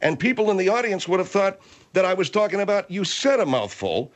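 A man's voice: high voice, very animated. A man hosting a comedy radio show, exasperated and bossy with his guests. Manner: exasperated, bossy, quick to laugh.

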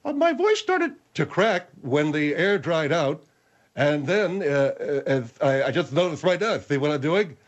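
Squeaky lisping general guy, all huffy and blustering, voice cracks up and down a lot, kinda dull lo-fi sound. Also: sing-song, unhurried. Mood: indignant. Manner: indignant, blustering. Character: pompous indignant male general, squeaky cracking voice. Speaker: comic radio character.

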